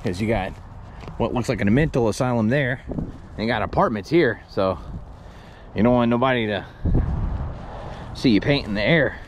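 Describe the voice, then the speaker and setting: A man in his thirties vlogging outdoors in the woods, rambling, joking and swearing, getting excited over finds. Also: mid-range voice, moderate pace, long pauses, noisy background. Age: 30s. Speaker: paranormal explorer vlogger. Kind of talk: casual outdoor vlog.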